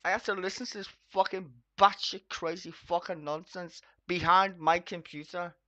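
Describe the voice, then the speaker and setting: A foul-mouthed streamer rants over a debate clip from a home computer, swearing nonstop and bursting into loud, exasperated yells. The voice sits in a middle register, and the recording is dry and a little dull. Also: mid-range voice, fairly even intonation, moderate pace, no room sound. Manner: swearing constantly, ranting with sudden loud outbursts. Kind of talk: angry profane reaction rant.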